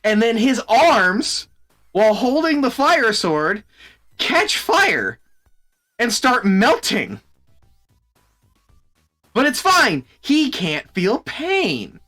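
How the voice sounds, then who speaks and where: A man streaming and chatting casually, in an animated, exasperated way with plenty of swearing. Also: very high-pitched, very slow, pauses often, faint music behind. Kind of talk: casual chat.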